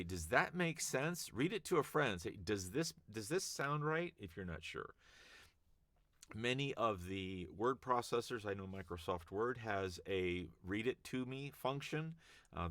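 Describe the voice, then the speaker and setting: Voice actor talking straight to camera, low and dry, casual and emphatic. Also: male voice, fairly bright tone, no echo. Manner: conversational, emphatic, demonstrates readings. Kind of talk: casual advice talk to camera.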